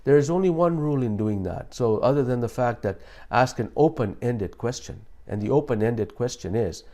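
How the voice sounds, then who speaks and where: Calm man with a mellow voice. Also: medium pitch, fairly quick, few pauses. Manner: calm, explanatory, with frequent restarts. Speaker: host. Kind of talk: self-help talk.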